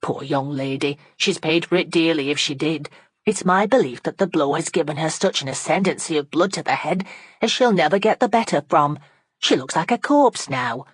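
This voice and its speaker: A woman's voice: low voice, moderate pace, slightly rough, no room sound. A woman reading an audiobook, voicing a pert young maidservant who drops coy, knowing hints. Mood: gossipy. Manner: coy, insinuating. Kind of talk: audiobook character voice.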